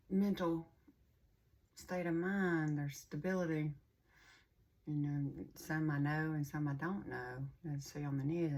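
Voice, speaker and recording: An older woman with a drawl talks through her week in a loose, rambling vlog. Her voice sits low and gravelly, a little husky and stuffy from a runny nose. She sounds folksy and talkative. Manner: chatty, rambling storyteller with a warm folksy drawl. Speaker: vlogger. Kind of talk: casual chatty vlog.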